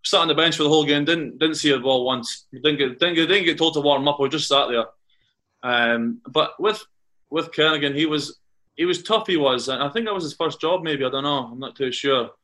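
Slightly high and slightly fast, the man's voice has a sharp edge. Hailing from Carnoustie in Scotland, this one-time footballer guests on a casual podcast, telling winding stories with frequent restarts and repeated words.

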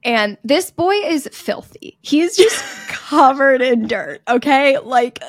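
Young woman, podcast co-host, fairly high voice, animated storyteller who laughs a lot, dry close mic. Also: takes it slowly, no room sound. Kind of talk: casual storytelling chat.

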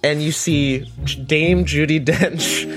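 Male game master, narrates scenes in a rambling, halting way; slightly high voice. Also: steady tone, music in the background. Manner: descriptive, halting, full of likes and restarts.

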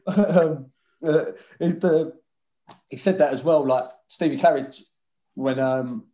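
A man's voice: a little high, expressive, slow pace, long pauses, warm tone. A man telling rowdy stories about his football days in a casual chat, swearing freely and laughing often. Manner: swears a lot, laughs often, mimics others. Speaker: former footballer guest.

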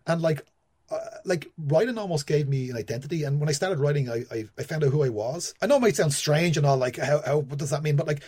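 Fast-talking Irish man full of fillers. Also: fairly high pitch, darkish tone, husky. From Ireland. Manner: rambling, full of "like, you know" fillers. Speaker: screenwriter guest. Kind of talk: casual interview chat.

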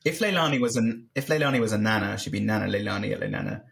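Lively, jokey man on a podcast. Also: lowish voice, racing, creaky. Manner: jokey, wordplay-loving, analytical. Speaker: podcast co-host. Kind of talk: casual chat reviewing reality TV.

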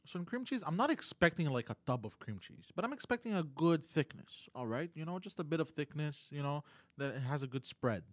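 Fast-talking man telling a rant story. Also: on the high side, dry recording. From Montreal area. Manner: animated storytelling with lots of "you know" and "bro". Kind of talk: casual podcast chat.

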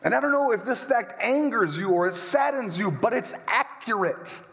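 A male pastor preaching a sermon in a church sanctuary, his slightly high voice swinging widely in pitch. He talks in an animated, emphatic way, throws in joking asides and walks around as he preaches, while a long hall reverb trails each phrase. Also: moderate pace, gravelly.

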